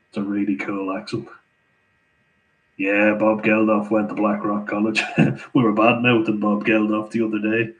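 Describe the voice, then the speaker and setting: A man with an Irish accent chats loosely through a live viewer Q&A. His voice sits a little low, and he keeps breaking into easy laughter between remarks. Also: level tone, moderate pace, a bit bright, poor audio. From Ireland. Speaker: channel host answering viewer questions. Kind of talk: casual live Q&A chat.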